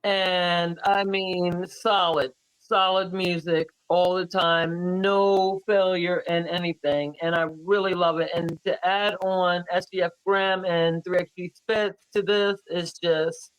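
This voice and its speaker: A man's voice: high voice, flat delivery, takes it slowly, few pauses, fairly bright tone, clear, resonant tone, dry recording. A man hosting a casual live-stream podcast, talking with enthusiasm and hyping up the artists. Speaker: podcast host.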